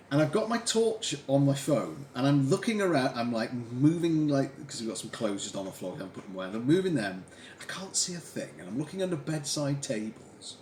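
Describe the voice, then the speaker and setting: Lively man chatting on stream. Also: mid-range voice, quick pace. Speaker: livestream host. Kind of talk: casual chat while crafting. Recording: echoey room, faint background hiss.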